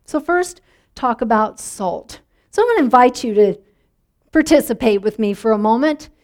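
Woman pastor, middle-aged, conversational sermon, slightly high voice, talks with the congregation. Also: expressive, normal speed, darkish tone. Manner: conversational, inviting congregation responses.

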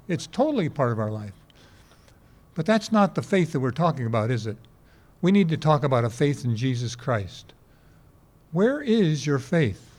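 A man's voice: a little high, a little mellow. A man in his eighties preaching a sermon to a congregation, telling folksy stories and asking rhetorical questions. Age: 80s. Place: before a congregation.

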